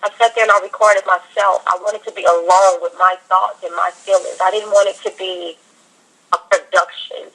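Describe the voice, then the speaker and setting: A woman singer in a casual interview, talking in an upbeat, heartfelt way and telling lively stories. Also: mid-range voice, moderate pace, low-quality recording.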